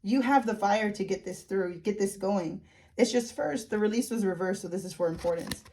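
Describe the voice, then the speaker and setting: A woman's voice: mid-range voice, normal speed, a little mellow. A woman giving a casual, frank tarot reading who laughs often and swears now and then. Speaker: tarot reader.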